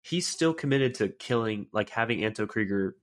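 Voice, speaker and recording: A man co-hosting a casual fan podcast, retelling scenes excitedly with lots of filler words. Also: fairly low pitch, normal speed. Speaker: podcast co-host.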